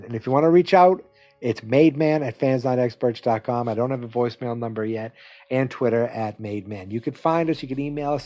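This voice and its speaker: A man's voice: medium pitch, mellow. A man hosting a solo podcast in a loose, upbeat, rambling way that keeps correcting itself. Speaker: podcast host.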